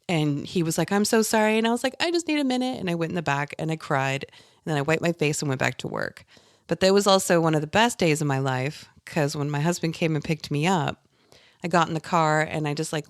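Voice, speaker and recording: A woman's voice: low-pitched, no room sound, studio quality. A woman in her thirties co-hosting a podcast, telling stories animatedly with frequent laughter and casual swearing. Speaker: podcast co-host. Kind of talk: casual chat.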